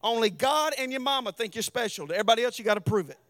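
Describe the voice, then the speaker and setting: A middle-aged Southern US preacher delivers a sermon in a church, his voice sitting fairly high for a man. He swings between quiet, conversational stretches and fervent, shouted climaxes. The sound is dry and close. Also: animated, rapid-fire, dry recording. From American South. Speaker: pastor.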